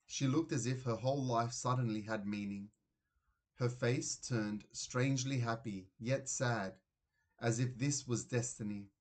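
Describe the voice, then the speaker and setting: A man narrating a children's storybook aloud in an expressive reading voice. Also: mid-range voice, a little slow. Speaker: reader.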